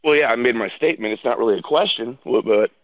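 A man's voice: mid-range voice, fast, no room sound, muffled recording. A man out of breath as he walks outdoors, arguing insistently as a debate guest. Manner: insistent, argumentative. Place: outdoors, walking.

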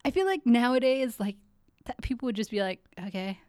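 A woman's voice: on the high side, very animated, fairly quick, a little mellow, no room sound, clean studio sound. A woman co-hosting a podcast, casually recapping a TV episode with frequent laughs and filler words. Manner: laughs often, lots of likes and uhs. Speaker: podcast co-host.

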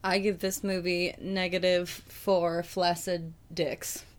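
A woman's voice: lowish voice, flat delivery, takes it slowly. A young woman co-hosting a podcast, chatting casually with crude, joking banter. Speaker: podcast co-host. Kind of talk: casual chat.

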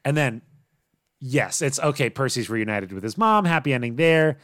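A podcast co-host with a medium-pitched voice speaks at normal speed, casually recapping a TV show's plot in a relaxed way and laughing often. The audio is studio quality with no echo.

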